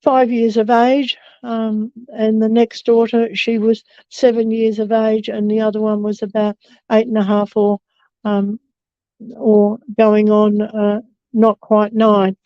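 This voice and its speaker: An older woman giving a personal account in an interview, halting and hesitant, with many fillers and restarts. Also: on the high side, completely flat delivery, mellow, dry recording. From Australia. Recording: dull, slightly muffled recording.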